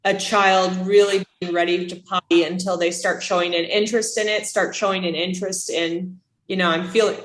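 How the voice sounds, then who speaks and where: A woman's voice: fairly low pitch, moderate pace, hardly any pauses. Chatty woman teaching a class, roomy sound. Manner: chatty, animated, asks the class questions. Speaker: instructor. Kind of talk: classroom lecture. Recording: echoey room.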